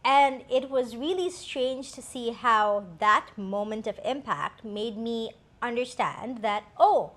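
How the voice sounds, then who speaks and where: Woman co-host, fairly high voice, candid and reflective, casual personal storytelling. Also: expressive, slow, hardly any pauses, a bit bright. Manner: candid, reflective, many fillers.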